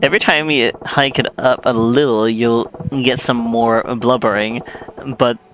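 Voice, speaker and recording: Smug scheming gangster read by a man, bright forward voice, mid pitch. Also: fairly even intonation, unhurried, a little hiss or hum, close to an everyday voice. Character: scheming male gangster mentoring a bureaucrat. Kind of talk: reading game dialogue aloud.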